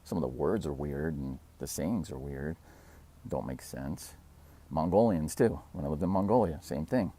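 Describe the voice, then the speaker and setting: A man's voice: a bass voice, animated, normal speed, warm tone, husky. A man hosting his own channel, talking casually and rambling, laughing at himself and acting out quotes. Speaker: fitness channel host. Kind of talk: casual talking-to-camera vlog.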